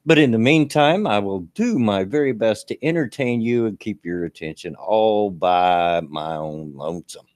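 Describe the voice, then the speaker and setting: A man's voice: on the low side, normal speed, few pauses, a little mellow, dry recording, clean studio sound. A man, hosting a live stream in a folksy, rambling way with many fillers and restarts. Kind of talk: casual chat.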